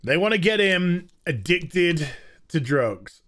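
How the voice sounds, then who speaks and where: A man's voice: high voice, very animated, slow, pushed and bright. Sarcastic English man reviewing TV. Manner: mocking, exasperated, laughing. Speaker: host.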